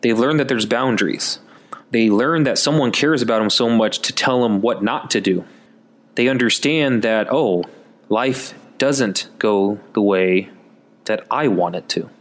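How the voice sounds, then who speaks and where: A man's voice: fairly low pitch, unhurried. A man giving a conversational Catholic Advent sermon in a folksy, chatty way, calling listeners folks. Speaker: Catholic preacher.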